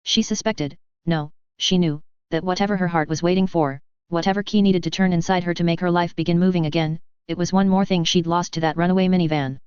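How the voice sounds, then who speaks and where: Clear, low-voiced woman narrating. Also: steady tone, a little fast, hardly any pauses, a little mellow, no room sound, dull audio. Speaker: audiobook narrator. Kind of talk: scripted narration.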